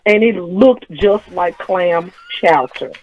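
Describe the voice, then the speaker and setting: Profane animated storyteller, tinny sound. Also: male voice, sits high, takes it slowly. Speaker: host. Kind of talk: casual storytelling chat.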